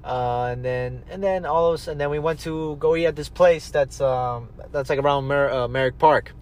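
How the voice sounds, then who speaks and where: A man's voice: on the high side, normal speed. A young man hosting a casual podcast, rambling through stories, quoting people and swearing freely. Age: young adult. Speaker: podcast host. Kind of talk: casual chat, storytelling.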